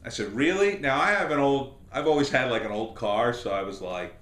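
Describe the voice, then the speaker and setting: A man's voice: medium pitch, fairly quick, roomy sound. A middle-aged man hosting a podcast, telling a long anecdote in a casual, rambling way. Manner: rambling anecdotal, animated quoted voices. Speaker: podcast host. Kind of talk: casual storytelling commentary.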